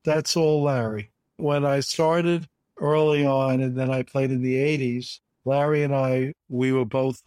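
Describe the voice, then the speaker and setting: A man in his seventies from the United States, a guest telling animated stories with emphatic repetition in an interview. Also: mid-range voice, no echo. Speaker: guest, bridge champion. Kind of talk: conversational storytelling interview.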